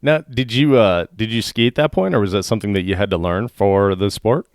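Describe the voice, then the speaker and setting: Congested deep-voiced male podcast host. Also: no echo, clean studio sound. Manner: friendly, halting, many fillers and laughs. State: congested, losing his voice. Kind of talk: casual interview talk.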